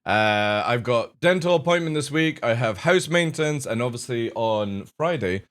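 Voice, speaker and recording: A man hosting his own live stream in a relaxed, rambling way, chatting to viewers and laughing at his own jokes. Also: mid-range voice, normal speed. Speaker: streamer and show host. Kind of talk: casual live stream chat.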